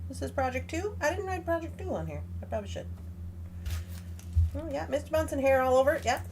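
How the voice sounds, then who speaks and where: A woman's voice: high-pitched, quick pace, a little hiss or hum. A woman chatting casually and cheerfully while hosting a live craft tutorial from home. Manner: chatty, animated, talks to her pet and viewers. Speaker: livestream craft host.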